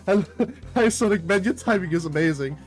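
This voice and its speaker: Excitable, laughing woman streamer. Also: fairly low pitch, fairly quick, soft background music. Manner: excitable, laughs often, swears freely. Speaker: VTuber streamer. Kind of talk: game stream, reading dialogue aloud and reacting.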